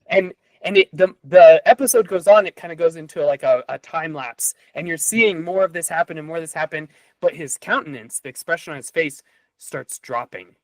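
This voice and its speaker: Animated man with a higher, dry voice. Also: normal speed, no room sound, rough recording. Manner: animated storyteller with frequent fillers. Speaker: podcast guest or host. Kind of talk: casual podcast conversation with storytelling.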